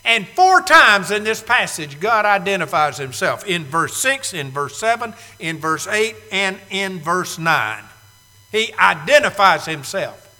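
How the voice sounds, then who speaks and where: A male preacher delivering an emphatic sermon with dramatic pauses and loud bursts. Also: high-pitched. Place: church sanctuary. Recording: long reverb of a large hall.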